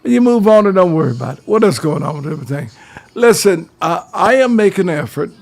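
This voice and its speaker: Older male radio host, raspy and fairly high-pitched, preachy monologue style. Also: very animated, quick pace. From Georgia, US. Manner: preachy, advice-giving, addresses listeners as fellas.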